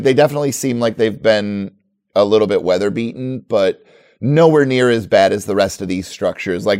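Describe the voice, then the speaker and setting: A man narrating as game master of a tabletop game, relaxed and rambling, full of fillers. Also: on the low side.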